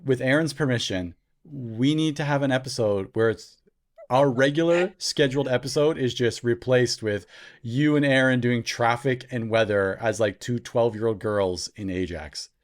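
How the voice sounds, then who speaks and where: A man's voice: mid-range voice, normal speed. A man co-hosting a podcast, joking around in playful casual banter. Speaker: podcast co-host. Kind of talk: casual chat.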